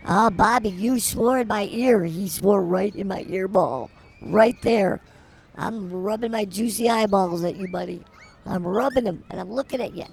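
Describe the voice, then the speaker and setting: Someone playing an older woman, husky, gravelly, rambling, theatrical, comedy podcast, faint music behind. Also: mid-range voice, moderate pace. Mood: flirty. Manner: rambling, theatrical, swings to shouting.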